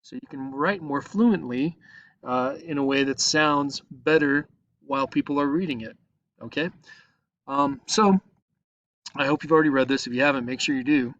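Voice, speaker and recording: This recorded online lesson walkthrough features a male teacher explaining each step patiently and often asking "okay?", captured as a screen recording at his computer. He has a mid-range, fairly bright voice at normal speed, and the audio is muffled.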